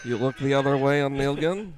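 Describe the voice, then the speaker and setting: A man's voice: medium pitch, a little fast, heavy background noise, natural voice. A man, a comedian, putting on a Russian accent to play a shady Russian man haggling over a bribe. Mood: scheming. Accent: put-on Russian. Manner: scheming, deadpan bargaining.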